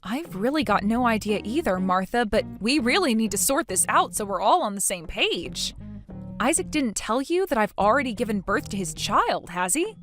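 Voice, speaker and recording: Synthetic woman as a baffled pregnant wife, high and expressive, soft music underneath. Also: moderate pace. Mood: confused. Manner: hesitant, puzzled, stammering. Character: pregnant young wife, bewildered and polite.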